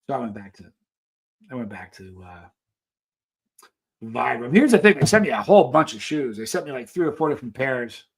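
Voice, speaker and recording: A man's voice: mid-range voice, big pitch swings, a little fast, long pauses. A man hosting a live stream, chatting casually with viewers, reading their messages and telling rambling stories. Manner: rambling storyteller, reads chat aloud.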